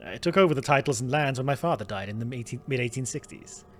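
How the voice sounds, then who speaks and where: A man voicing a proud, aging Irish manor lord in a game, with an Irish accent and formal, measured speech. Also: mid-range voice, lively intonation, natural voice. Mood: reflective. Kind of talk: reading game dialogue aloud.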